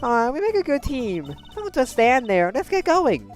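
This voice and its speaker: A woman's voice: high-pitched, wildly swooping pitch, normal speed, faint music behind, pitched above the performer's own voice. A woman voicing a cheerful, bubbly teenage girl magician. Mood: playful. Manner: bubbly and bright.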